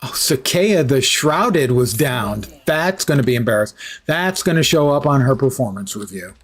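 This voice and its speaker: A man's voice: medium pitch, lively intonation, normal speed, slightly rough. A sleepy man streaming a game, rambling with wry, sarcastic asides and yawning often. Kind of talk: casual commentary while gaming.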